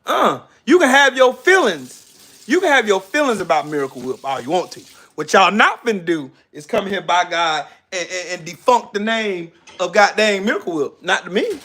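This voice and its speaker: A man's voice: high voice, sing-song, moderate pace, sharp tone. A man hosting a casual cooking livestream, mock-dramatic and wailing, repeating himself and cursing freely.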